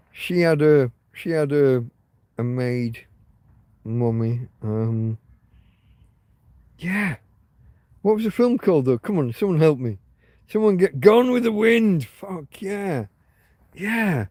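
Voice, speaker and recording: A man's voice: on the high side, expressive, slow, pauses often, a little mellow, dry recording. A man from England casually chatting with his livestream audience from home, rambling and swearing, trailing off with ums, with hiccups. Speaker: livestream host.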